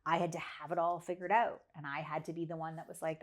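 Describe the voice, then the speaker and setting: Candid, lower-pitched woman telling a story. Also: level tone, quick pace. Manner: earnest, emphatic, repeats phrases for effect; candid about struggles. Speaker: podcast guest, business leader.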